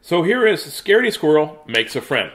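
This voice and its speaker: A man's voice: fairly high pitch, sing-song, normal speed, a bit bright. A man from Canada telling a funny story and reading a children's book aloud in a playful, joking way.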